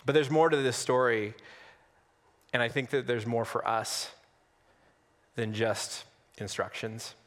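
Conversational pastor in a reverberant church. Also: male voice, medium pitch, a bit bright. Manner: conversational, humorous, with dramatic pauses. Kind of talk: sermon. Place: church sanctuary on Easter Sunday.

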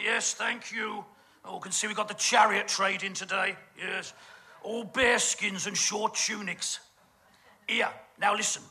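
A man's voice: sits high, fairly even intonation, unhurried, bright, forceful tone. A man with a British accent doing a camp, gossipy stage comedy monologue full of innuendo. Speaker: comic performer.

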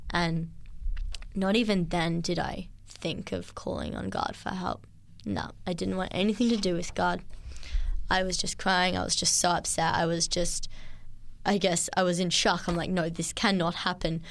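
A woman, speaking in an interview with an earnest, halting manner and many restarts. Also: lowish voice. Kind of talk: testimony interview.

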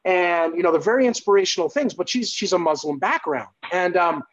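High-voiced man telling his testimony. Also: a little fast, muffled recording. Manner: earnest, lively, acts out exclamations. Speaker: guest sharing a faith testimony. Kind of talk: animated personal storytelling.

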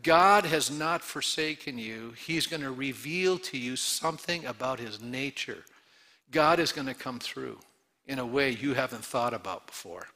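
A pastor preaching a conversational sermon, asking rhetorical questions and jumping to excited high bursts. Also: male voice, normal speed. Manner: rising to excited high bursts when acting out joy.

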